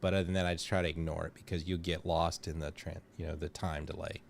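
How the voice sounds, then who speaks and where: A man hosting a live stream, casually walking a guest through a software setup, step by step. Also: low voice, little pitch movement, fast, gravelly, a little hiss or hum. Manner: explains step by step, loose and chatty. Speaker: host.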